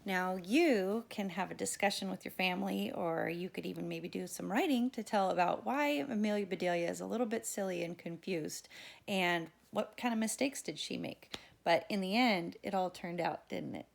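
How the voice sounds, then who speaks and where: A woman reading a children's picture book aloud, expressive and lively. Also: fairly low pitch, normal speed, gravelly. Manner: expressive, lively character voices. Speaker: read-aloud storyteller.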